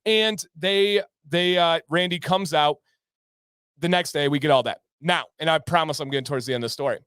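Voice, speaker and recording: Animated man telling a story, crisp voice. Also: on the high side, brisk, no echo. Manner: animated, exasperated, jokey asides to chat. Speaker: livestream host. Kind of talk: casual storytelling to a live chat.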